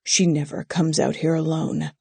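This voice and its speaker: A haunted, protective young man who speaks low and clipped, as an audiobook narrator plays him. The gravelly, husky voice is dark and mellow. It is recorded close and completely dry. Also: little pitch movement, moderate pace, no room sound. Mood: tense. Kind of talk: audiobook character voice.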